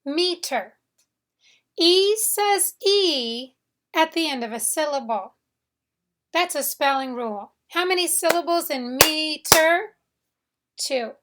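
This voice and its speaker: A woman teaching an English phonics lesson, speaking slowly and deliberately, stretching out sounds and repeating words for learners to echo. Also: high voice, lively intonation, fairly bright tone.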